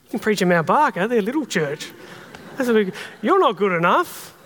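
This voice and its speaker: A man's voice: high voice, sing-song, a little fast, fairly bright tone. Australian man putting on a belittling inner accuser. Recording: long hall reverb.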